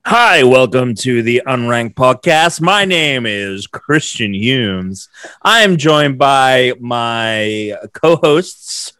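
A man doing an impression of his podcast co-host, introducing the show slowly and deliberately. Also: mid-range voice, expressive, pushed and bright, smooth, no room sound. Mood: mock-formal.

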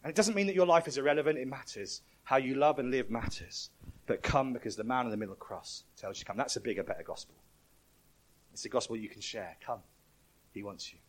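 A man's voice: medium pitch, fast. A man preaching a sermon in a conversational, storytelling way.

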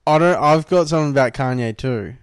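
A young man co-hosting a podcast, chatting in a laid-back way and swearing freely. His middle-pitched voice sounds dry and close, with little room sound. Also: fast, clear, resonant tone, no echo. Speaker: podcast co-host. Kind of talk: casual chat.

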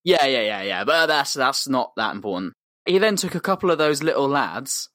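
A man's voice: medium pitch, sing-song, normal speed, pushed and bright, no echo, clean studio sound. A man co-hosting a podcast, telling a comic story in a rambling, slangy, sweary way. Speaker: podcast co-host.

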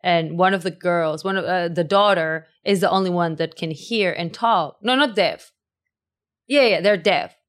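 A woman's voice: lowish voice, normal speed. A young woman telling stories in a casual podcast chat, filling her speech with "like". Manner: storytelling, peppered with "like".

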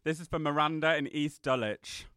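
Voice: medium pitch, normal speed, fairly bright tone, clean tone, dry recording, studio quality. A podcast co-host bantering on a live show, teasing and giggling, and playing at funny accents.

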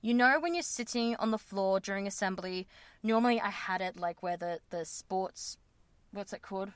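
A woman's voice: mid-range voice, moderate pace, clear, resonant tone, no echo. A woman hosting a podcast, telling a story in a frank, casual way, swearing freely and laughing at herself. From Australia. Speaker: podcast host.

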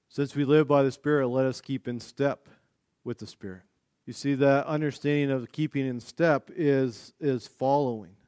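Male pastor, sermon delivery, animated storyteller, smooth voice, dry sound. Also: medium pitch, no echo. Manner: animated storytelling, demonstrating actions.

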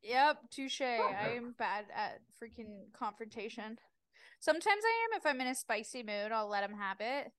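Young woman, slightly high voice, laid-back, quippy, dry close sound. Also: lively intonation, fairly bright tone, dry recording. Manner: laid-back, laughs often, quick quips. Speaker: podcast co-host. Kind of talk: casual chat.

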